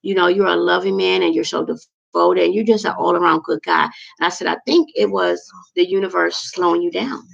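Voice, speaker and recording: A woman's voice: on the low side, steady tone, brisk, gravelly, few pauses. A woman hosting a livestream, giving heartfelt, preachy advice to her viewers in a casual talk. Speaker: livestream host. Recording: dull lo-fi recording.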